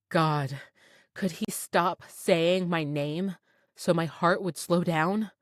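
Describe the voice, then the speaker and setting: A woman narrating a first-person romance audiobook in an expressive, playful way. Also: low voice, slow, dry recording. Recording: dry close studio sound.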